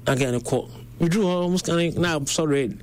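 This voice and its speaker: A man's voice: on the high side, a little fast. A young Ghanaian man with a Ghanaian accent, telling stories in a casual conversation and mixing Twi with English. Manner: animated, switching between Twi and English. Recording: faint background noise.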